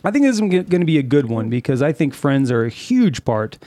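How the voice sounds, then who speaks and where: A man's voice: medium pitch, big pitch swings, a little fast, warm tone, no room sound. A man hosting a casual podcast over drinks, loose and joking, rambling through his intros with lots of fillers. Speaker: podcast host.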